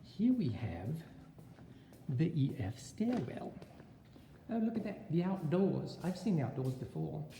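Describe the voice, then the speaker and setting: A male teacher from Texas puts on an Australian accent to narrate a playful walking video tour of his empty school, tossing in jokey asides as he moves through hallways and rooms. His voice is a little high and dark-toned with vocal fry. Slight background noise, faint ambience, and echo from the hallways can be heard.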